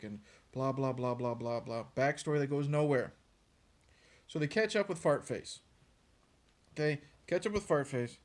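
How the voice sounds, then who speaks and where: A man's voice: on the high side, lively intonation, normal speed. A man giving a casual, sarcastic, profane rant reviewing a movie, sounding exasperated and mocking. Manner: sarcastic, exasperated, swears freely.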